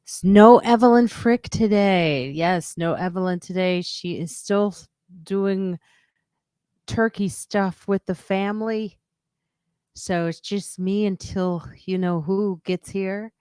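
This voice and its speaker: A woman's voice: slow, a little mellow, clear, resonant tone, no echo, clean studio sound. Chatty woman comedian hosting a live stream. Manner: chatty, reads out viewer comments and greets them; says she is using a weird low radio voice. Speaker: comedian and podcast host. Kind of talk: casual solo live stream chat.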